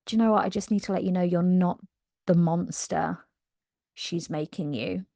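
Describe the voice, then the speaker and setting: A captive young witch girl speaks low and earnest, her voice quiet, as a British woman acts her out. Close, dry sound. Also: moderate pace, creaky, dry recording.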